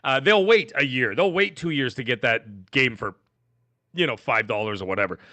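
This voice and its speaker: A man's voice: mid-range voice, normal speed, no room sound. A man co-hosting a gaming podcast in casual chat, talking emphatically and drifting into tangents. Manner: animated, emphatic, goes off on tangents. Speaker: podcast co-host.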